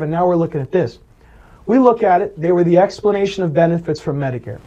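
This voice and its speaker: Earnest male planner, high mellow voice, lo-fi interview audio. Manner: earnest, animated retelling of client stories. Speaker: Medicare planner. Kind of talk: interview storytelling.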